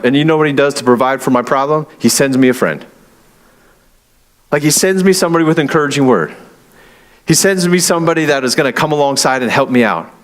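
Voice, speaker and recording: A young man delivers a sermon in a relaxed, conversational way, his voice sitting slightly higher than most men's. He leans on fillers and acts out little quoted exchanges as he goes. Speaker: pastor.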